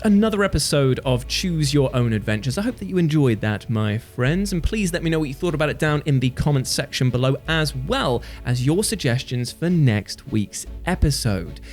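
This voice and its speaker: A man hosting a comedic gaming list video, jokey and animated, with a warm, earnest sign-off. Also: medium pitch. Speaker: host.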